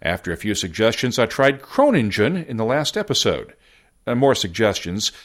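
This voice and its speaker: Wry, animated American podcast host. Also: male voice, lowish voice, moderate pace. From United States. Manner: wry, self-deprecating. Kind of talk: scripted podcast narration.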